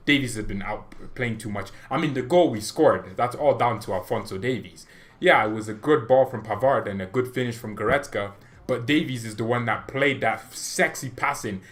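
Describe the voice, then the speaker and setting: Animated young man giving a football reaction. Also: medium pitch, normal speed. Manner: animated, opinionated, rambling with restarts. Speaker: football fan channel host. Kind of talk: casual match reaction vlog.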